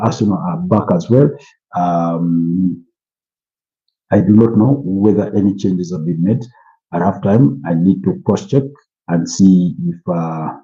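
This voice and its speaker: Yawning and tired, a Ugandan man hosts a football watch-along, rambling through casual live commentary and opinion with frequent "you know" fillers. His voice is lowish and warm, heard through muffled lo-fi stream audio.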